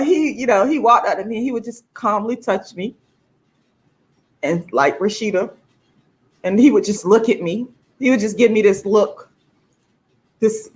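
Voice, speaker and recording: Emphatic, profane woman vlogger. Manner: emphatic and profane, with laughs between points; pitch swings widely, often jumping high for emphasis. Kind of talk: casual to-camera monologue.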